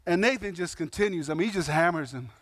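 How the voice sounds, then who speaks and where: A man with a high-pitched voice delivers a sermon in a relaxed, conversational way, mixing emphatic points with slangy asides and acted-out quotes. The sound is dry and close, with no room echo. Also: fast talker. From Samoan heritage. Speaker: pastor.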